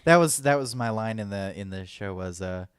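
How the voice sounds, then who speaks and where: A man's voice: on the low side, moderate pace, clean tone, no echo, studio quality. Rambling young man telling a story. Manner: rambling storyteller, full of fillers, acts out quoted lines. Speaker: podcast co-host. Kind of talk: casual chat.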